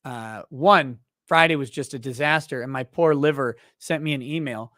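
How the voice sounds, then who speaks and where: A man hosting a casual livestream, reading viewer chat messages aloud and joking, often restarting his sentences and growing animated in his stories. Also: medium pitch, dry recording, studio quality. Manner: rambling and joking, with halting restarts; animated when telling stories. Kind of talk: casual live-stream chat.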